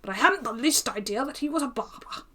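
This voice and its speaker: A woman's voice: sits high, lively intonation, brisk, sharp tone, voice pushed up, exaggerated voice. A woman reading aloud and voicing a pompous, gossiping male tailor who talks in a chatty, self-important way full of exclamations.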